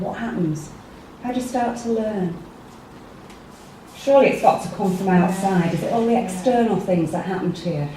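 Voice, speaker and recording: A woman's voice: medium pitch, dark tone, a little hiss or hum. English woman leading a group workshop. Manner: chatty, asks the audience questions. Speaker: workshop speaker. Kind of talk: interactive talk to a small group. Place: meeting room with a live audience. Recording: echoey room, mic far off.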